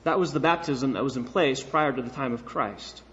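A man's voice: mid-range voice, normal speed, fairly bright tone, slight background noise. Man, pastor, sermon, earnest, repetitive rhetorical questions, muffled church recording, long hall reverb.

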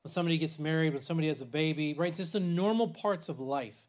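A man's voice: a little high, fast. A man in his forties teaching a church bible class in a conversational way, with many restarts and frequent "right?" checks.

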